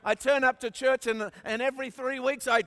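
An Australian man preaching a sermon, with emphatic delivery that moves from quiet asides to shouted peaks. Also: very high voice, fairly even intonation, fairly quick. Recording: long hall reverb.

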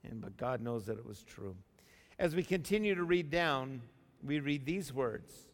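A male pastor delivering a sermon, moving from soft, intimate appeals to loud, animated preaching. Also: medium pitch, measured pace. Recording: long reverb of a large hall.

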